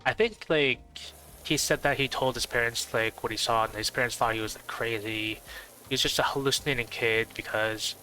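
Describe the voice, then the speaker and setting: Nasal, bright-voiced male streamer. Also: medium pitch, steady tone, moderate pace, slight background noise, poor audio. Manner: rambling, thinking out loud with many fillers. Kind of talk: casual stream chat.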